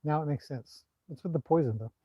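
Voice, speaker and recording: Man, Canadian accent, casual live-stream chat, relaxed and rambling, slightly higher voice. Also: brisk, husky, no echo, dull audio. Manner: relaxed, rambling, reads out viewer comments. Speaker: horse trainer hosting a live stream. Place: outdoors at a stable in the evening.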